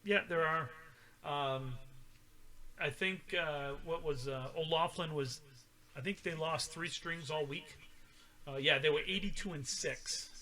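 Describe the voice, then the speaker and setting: A man's voice: fairly high pitch, a little slow, bright, forceful tone. A middle-aged man co-hosting a podcast in casual chat, rambling through old scores with many fillers. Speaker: podcast co-host.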